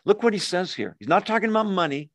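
A man teaching a Bible study in a relaxed, conversational way, with pauses, fillers and quick asides to his group. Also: high-pitched, no echo.

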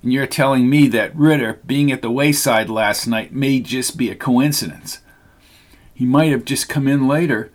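A man voicing a wary, laconic truck-driving cowboy with a low-key delivery. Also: normal speed, natural voice.

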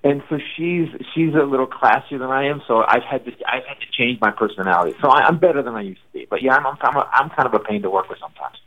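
A comedian being interviewed on the radio, telling stories in a lively way and acting out quotes with big jumps in pitch. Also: male voice, quick pace, hardly any pauses, dull audio. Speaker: comedian guest.

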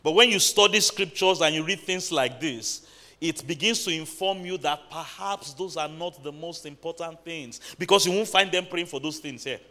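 Man, pastor, sermon in church, bright forceful tone, slightly high voice, emphatic call-outs. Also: normal speed. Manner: preaching with rising emphatic bursts and call-outs to the congregation.

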